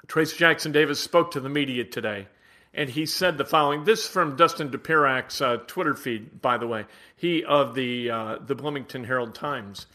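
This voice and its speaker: A man hosting sports radio, giving an opinionated monologue that swings from low asides to loud outbursts.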